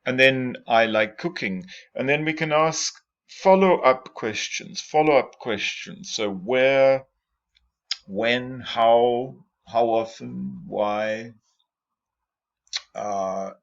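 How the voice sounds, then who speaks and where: A man with a gravelly, mid-range voice teaches an English class slowly, patiently repeating example sentences and questions for students. The classroom lesson covers exam tips, captured in a dull lo-fi lecture recording.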